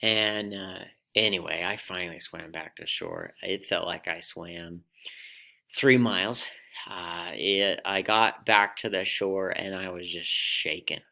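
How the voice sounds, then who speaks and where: A man giving a reflective personal storytelling talk, pausing dramatically between short phrases. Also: deep voice, steady tone, vocal fry, bright, forceful tone. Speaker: storyteller speaker.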